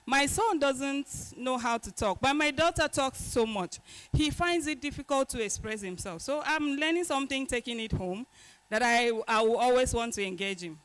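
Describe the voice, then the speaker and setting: A woman's voice: sits high, animated, moderate pace, low-quality recording. A woman, a parent, reflecting at a summit on helping her son speak up. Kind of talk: audience testimony.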